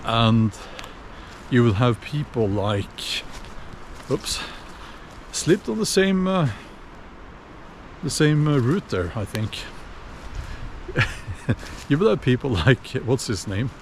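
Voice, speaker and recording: A man giving a casual opinion monologue while walking outdoors, unhurried and musing, with many fillers and restarts. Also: mid-range voice, very animated, a little hiss or hum. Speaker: video blogger.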